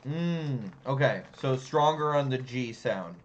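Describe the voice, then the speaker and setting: A man's voice: medium pitch, expressive, takes it slowly, muffled recording. An English-speaking man casually chatting while streaming a strategy game, self-deprecating and fumbling over French words again and again. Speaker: gameplay streamer. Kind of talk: casual gameplay commentary.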